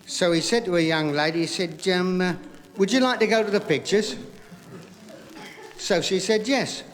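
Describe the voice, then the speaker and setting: A man doing stand-up comedy, telling joke after joke in a brisk patter full of "he said", recorded live on stage. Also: high-pitched. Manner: rapid gag patter with repeated "he said". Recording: live vinyl recording in a hall with audience laughter.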